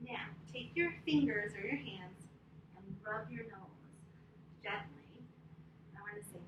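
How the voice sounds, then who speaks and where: A woman leading young children through an interactive story and yoga lesson, expressive and prompting them to repeat after her. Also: sits high, moderate pace. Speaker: preschool teacher leading kids' yoga. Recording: echoey, distant, noisy room.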